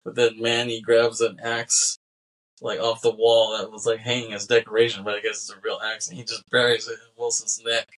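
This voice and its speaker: A man's voice: mid-range voice, level tone, brisk, a bit bright, poor audio. A man co-hosting a film podcast, chatting casually and laughing often as he retells scenes. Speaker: podcast co-host. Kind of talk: casual film-discussion chat.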